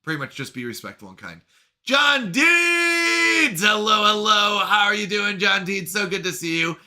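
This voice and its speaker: A Canadian man live-streams in a playful, chatty way, reading chat messages aloud and joking about pronunciation. His voice is high, sharp and sing-song, and he talks fast.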